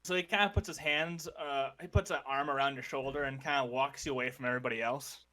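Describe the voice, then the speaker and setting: A man's voice: mid-range voice, steady tone, fast, sharp tone. A man as game master, describing characters and scenes of a tabletop game.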